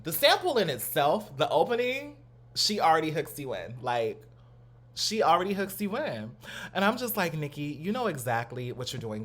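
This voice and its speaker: A young man hosting his own channel, chatting in a casual, animated way with lots of slang and asides, at home on a new studio mic. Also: a little high. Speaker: host. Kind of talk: casual reaction commentary.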